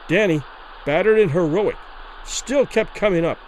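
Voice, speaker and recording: Expressive male storyteller with a lively voice. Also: a little high, a little fast, a little hiss or hum, low-quality recording. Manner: expressive, acts out the quoted lines. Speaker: podcast host and storyteller. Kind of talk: dramatic reading of a classic short story.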